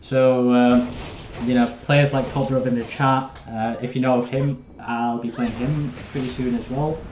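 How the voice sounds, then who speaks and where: A man's voice: medium pitch, flat delivery, moderate pace, a little mellow, a little hiss or hum. Young man streaming a game. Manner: casual, chatty, talks to viewers while playing. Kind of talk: live gameplay commentary. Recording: roomy echo.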